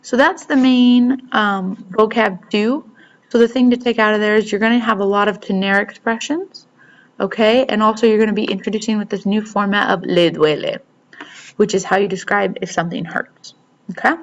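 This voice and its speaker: A woman's voice: medium pitch, normal speed, lo-fi sound. Chatty woman teaching a vocab lesson. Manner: relaxed and chatty, explains step by step with frequent "okay?". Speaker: Spanish teacher. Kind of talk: casual recorded vocabulary lesson.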